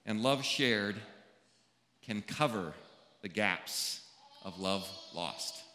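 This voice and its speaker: A male pastor delivers a funeral sermon in a fairly low, animated voice that is bright and forward. He speaks slowly and deliberately, leaving long pauses between phrases, and his words ring through an echoey church hall with a long reverb tail.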